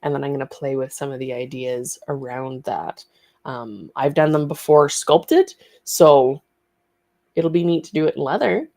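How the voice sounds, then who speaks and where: A woman's voice: a bass voice, unhurried, mellow. A woman hosting a casual studio livestream, chatty and rambling, laughing easily.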